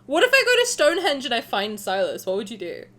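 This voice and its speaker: A young woman streaming a game reaction, excitable and gushing, laughing and swearing. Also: fairly high pitch, fast talker.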